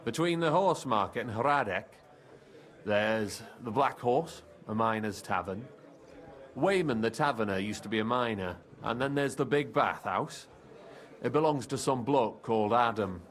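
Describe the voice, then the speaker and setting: A man's voice: medium pitch, measured pace, fairly bright tone, close to an everyday voice. An actor playing a streetwise male fixer from a thieves' crew, with a Cockney accent and slangy talk. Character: shifty male thief-guild fixer, streetwise.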